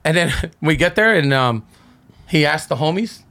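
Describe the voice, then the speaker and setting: Guest: gravelly middle-aged man, lively street-story teller. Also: a little high, moderate pace. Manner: animated, slangy storytelling full of quoted voices. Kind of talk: casual storytelling.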